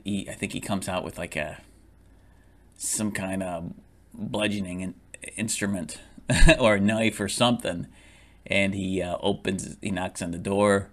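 A man's voice: sits low, a bit bright. A man casually reviewing a movie, rambling with lots of fillers, restarts and frequent laughs.

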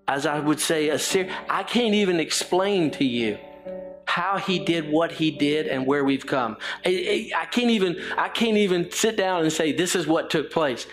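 Middle-aged male pastor, fervent repetitive sermon delivery, light music bed. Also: fairly high pitch. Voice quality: repetitive, building emphasis. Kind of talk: sermon and prayer.

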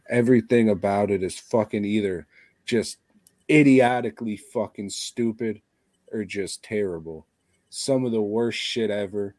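A man's voice: fairly low pitch, a little mellow, no room sound. A man co-hosting a casual podcast, ranting bluntly with constant swearing. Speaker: podcast co-host. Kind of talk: casual chat.

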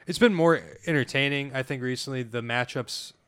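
A man's voice: medium pitch, brisk, fairly bright tone, smooth, dry recording. A young man co-hosting a podcast, chatting casually and telling a rambling story with frequent restarts. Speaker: podcast co-host. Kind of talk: casual sports chat and storytelling.

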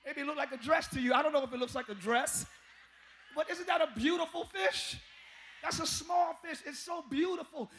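Preacher guy with a really high gravelly voice, bright and punchy, hollering and joking at the crowd. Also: moderate pace, a little hiss or hum. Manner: animated, humorous preaching with shouts and chanting. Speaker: pastor. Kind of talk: sermon. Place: church sanctuary.

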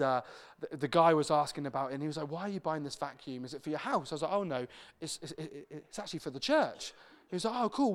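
A young British man gives a sermon as pastor, his voice smooth and a touch higher than most men's. He tells everyday stories in a chatty way and acts out the people in them. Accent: British English.

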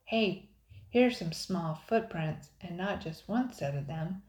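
A woman's voice: fairly low pitch, takes it slowly. A woman reading a storybook aloud, voicing a huge menacing male pirate who hollers his lines. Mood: shouting, searching. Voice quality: loud hollering. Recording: roomy echo.

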